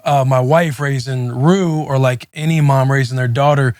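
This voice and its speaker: A man hosting a podcast, thinking aloud in a relaxed, rambling way. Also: medium pitch, normal speed, no room sound, studio quality. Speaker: podcast host. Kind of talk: casual conversational chat.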